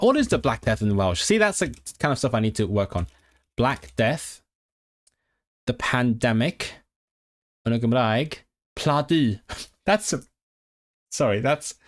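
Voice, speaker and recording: A man on a casual livestream, thinking aloud as he studies and sounds out and repeats new words. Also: mid-range voice. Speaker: language-learning streamer. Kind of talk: casual livestream study session.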